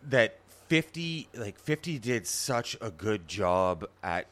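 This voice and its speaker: Low-voiced man in casual rambling chat. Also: sing-song, slow pace, a bit bright. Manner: rambling, trails off and restarts, steers back to his point. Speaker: podcast co-host.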